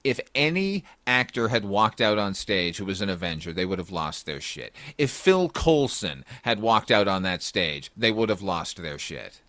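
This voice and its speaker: Blunt, swearing man with a lively voice. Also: on the low side, moderate pace, hardly any pauses, no room sound. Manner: blunt, swears freely, opinionated. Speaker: podcast host. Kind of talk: casual chat.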